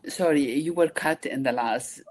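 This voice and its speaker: A woman in her sixties from Iraq with an Iraqi accent, a nonprofit founder speaking earnestly and haltingly as an interview guest. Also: low voice, a little mellow. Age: 60s. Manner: halting, earnest, restarts often. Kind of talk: interview conversation.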